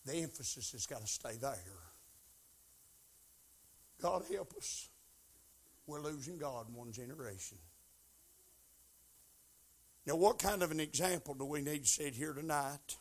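A man preaching a sermon in church, pleading and swinging from shouted questions to hushed tones. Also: on the high side, expressive, a little slow, pauses often, breathy edge. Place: church sanctuary.

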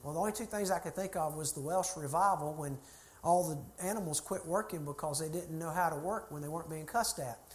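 A man's voice: on the high side, fairly quick. A middle-aged man, a church consultant telling a folksy, chatty story to a group. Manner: folksy, chatty anecdotes with laughter.

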